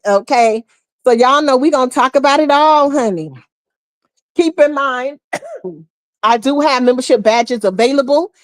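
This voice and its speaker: A woman's voice: high-pitched, a little slow, pauses often, dry recording. A woman hosting a casual live stream, greeting viewers one by one and calling them honey and boo.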